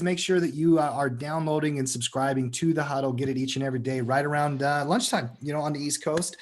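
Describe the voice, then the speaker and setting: A man's voice: fairly high pitch, fairly even intonation, fast talker, few pauses. A man hosting a live stock market show, wrapping up with upbeat thanks to his co-hosts. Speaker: show host. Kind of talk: casual market show wrap-up.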